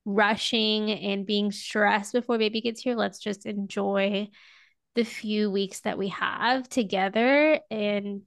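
A woman's voice: mid-range voice, fairly even intonation, slow, vocal fry, fairly bright tone, dry recording, clean studio sound. A pregnant woman co-hosting a faith podcast, chatty and encouraging. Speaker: podcast co-host. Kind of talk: casual faith chat.

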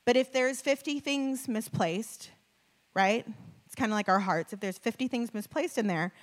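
Sharing a personal story in her sermon, a female preacher chats animatedly with a live audience, slides behind her, laughing often and using lots of fillers. She has a fairly high pitch and speaks at normal speed.

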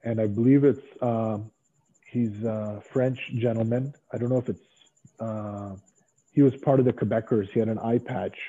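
A middle-aged man telling stories as an interview guest, animated and acting out other people's lines. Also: lowish voice, normal speed, breathy edge. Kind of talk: casual storytelling interview. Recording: tinny phone-like line.

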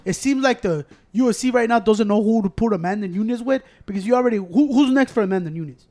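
High-voiced man, rambling bilingual banter. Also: fast talker, a little mellow. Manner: rambling, profane, mixes Spanish into English. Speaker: podcast co-host. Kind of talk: casual chat.

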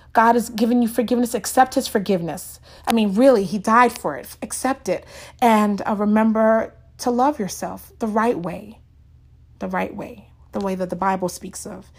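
A woman giving a casual devotional talk to her viewers, earnest and heartfelt, speaking emotionally and haltingly. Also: medium pitch.

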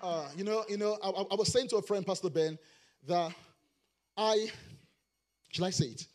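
A middle-aged male pastor preaching a sermon, rising into shouted, sing-song emphasis. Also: high voice, moderate pace.

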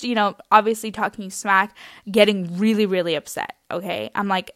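A young woman telling a comic anecdote in an animated, exaggerated way. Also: mid-range voice, brisk, dry recording, studio quality. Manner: animated, exaggerated, laughing through lines. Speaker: storyteller.

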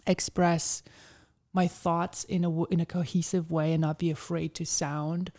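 Woman guest, dark and mellow tone, casual storyteller, filler-heavy. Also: fairly low pitch, level tone, measured pace. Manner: chatty storyteller, heavy use of "like". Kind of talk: casual interview conversation.

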